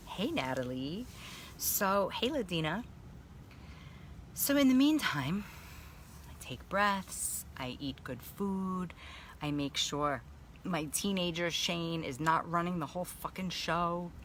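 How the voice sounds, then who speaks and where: A spiritual coach sits in a baby pool on a live video, talking candidly about feelings and energy with plenty of swearing and pausing to greet viewers by name. Her voice is lowish and a bit bright, with a little hiss or hum.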